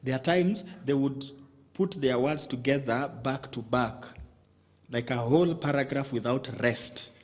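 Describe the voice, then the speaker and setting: A man's voice: mid-range voice, unhurried. A man giving communication advice in a TV studio, speaking methodically, listing his points and often restarting his sentences. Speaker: communication coach guest.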